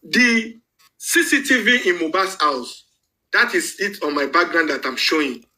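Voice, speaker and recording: Nigerian male panel host, high and bright voice, emphatic and repetitive delivery with bits of pidgin. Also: sing-song, unhurried, low-quality recording. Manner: emphatic, repeats points, switches into pidgin. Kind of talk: live online panel commentary.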